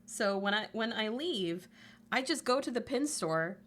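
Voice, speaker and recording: A woman's voice: expressive, unhurried, fairly bright tone. Chatty, laughing woman streamer. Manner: chatty, swears, laughs often, quotes memes in a squeaky voice. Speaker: livestreamer. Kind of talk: casual chat.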